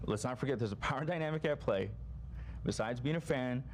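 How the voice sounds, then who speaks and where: A man speaking earnestly and at length about being hurt, swearing and hesitating with frequent ums. His voice sits at an ordinary middle pitch, and a faint ambient noise runs underneath. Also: fairly quick. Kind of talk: emotional podcast statement.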